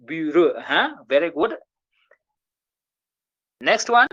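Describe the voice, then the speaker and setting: A language teacher giving an online French lesson, patiently encouraging students and repeating words slowly so they can drill them. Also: medium pitch, animated, fairly bright tone, dull audio.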